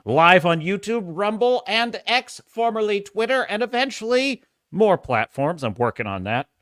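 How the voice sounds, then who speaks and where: A man's voice: sits high, big pitch swings, normal speed, fairly bright tone, no echo, clean studio sound. A man hosting a casual live stream, talking animatedly and laughing often as he reads viewer chat aloud. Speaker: host.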